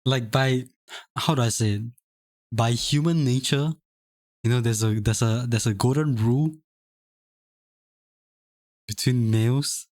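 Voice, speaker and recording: A young man chats on a live stream in a loose, rambling way. He restarts phrases often and laughs easily. His voice sits at a middling pitch. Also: a little slow, pauses often, a little mellow. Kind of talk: casual chat.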